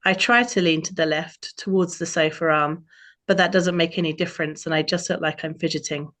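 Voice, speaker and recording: A woman's voice: low voice, a little fast, fairly bright tone. A woman author who introduces her novel with hesitant ums, then reads a passage aloud. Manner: hesitant with many ums when speaking freely.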